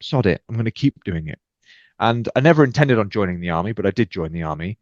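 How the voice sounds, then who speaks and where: A British man with a very low voice recounts his own stories with energy, jumping into lively acted dialogue. The sound is dry and close, with a muffled, dull edge to the audio. He talks as a guest in a relaxed podcast conversation. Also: fast talker, no room sound. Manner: energetic, acts out quoted exchanges with lively shifts. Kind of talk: animated storytelling in conversation.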